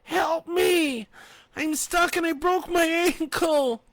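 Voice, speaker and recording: A man voicing a terrified, trapped young woman who screams hoarsely for help. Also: very high-pitched, drawn-out words, no echo, voice pushed up, full character voice. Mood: desperate screaming. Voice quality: raspy, screaming.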